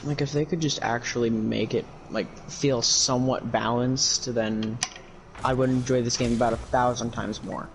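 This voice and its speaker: A man's voice: mid-range voice, fairly even intonation, normal speed, a little hiss or hum, low-quality recording. Ranting, cursing male gamer. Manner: ranting, profane, frustrated. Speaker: gaming streamer. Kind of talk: casual livestream commentary.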